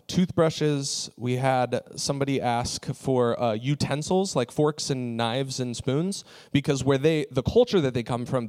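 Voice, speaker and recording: A man preaching, telling a personal story in a relaxed, conversational way with frequent fillers. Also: medium pitch. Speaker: pastor. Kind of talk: sermon story.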